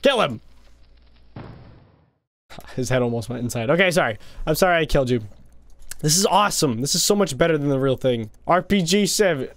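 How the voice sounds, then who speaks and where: Excitable young man, high lively voice. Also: a little fast, pauses often, no echo. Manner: excitable, gasping and exclaiming, playful taunts. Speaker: gaming video host. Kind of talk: casual gameplay commentary. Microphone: desk microphone.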